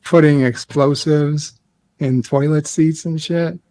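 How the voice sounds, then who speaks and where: A man in a casual live-stream chat, deadpan and joking with a mock-sinister edge. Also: fairly high pitch, slow pace.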